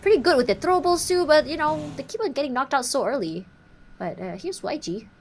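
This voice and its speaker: Woman, live esports commentary, fairly high lively voice, bubbly and playful, faint background noise. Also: brisk. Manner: bubbly, playful, self-teasing. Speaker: esports caster.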